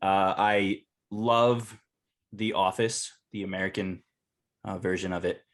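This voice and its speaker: A man's voice: sits low, steady tone, takes it slowly. A young man co-hosting a podcast, teasing his friends in casual chat. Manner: teasing, mock-formal. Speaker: podcast co-host.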